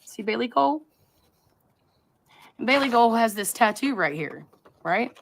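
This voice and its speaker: A woman's voice: a little high, expressive, normal speed, vocal fry, a little hiss or hum. A woman hosting a live stream, talking to her chat in a rambling, conspiratorial way and often interrupting herself. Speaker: livestream host.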